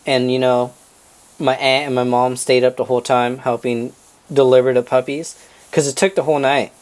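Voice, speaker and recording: Young guy podcast co-host, animated storyteller, mid-pitch, swears, laughs and does voices. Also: moderate pace. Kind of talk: casual storytelling chat.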